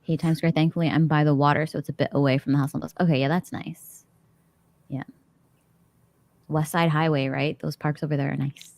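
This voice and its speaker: A woman's voice: deep voice, flat delivery, fairly quick, pauses often, a little mellow, no echo. A woman hosting a casual book club chat, talking chattily with frequent laughs and fillers.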